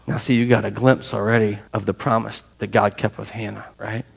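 A man's voice: fairly low pitch, level tone, fairly quick, vocal fry, few pauses, slightly rough. A man preaching a sermon to his congregation in an emotional, conversational way. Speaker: pastor.

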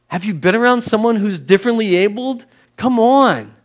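A man's voice: sits high, lively intonation, a little fast. A man preaching a sermon in an emphatic, conversational way, acting out little exchanges with people. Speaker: pastor.

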